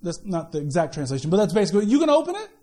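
A male pastor giving a sermon in a conversational, animated way, often restarting his sentences and adding quick asides. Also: sits high. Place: church worship service.

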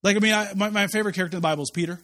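A man's voice: sits high, steady tone, racing, fairly bright tone. A male pastor preaching a casual, joking sermon, acting out quotes in a conversational way.

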